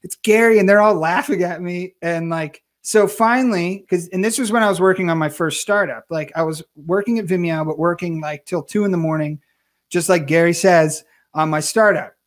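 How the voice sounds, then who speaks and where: A man being interviewed, telling career stories in a casual, animated way and acting out what others said. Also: high-pitched, normal speed. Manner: animated storyteller, acts out quoted voices. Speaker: guest.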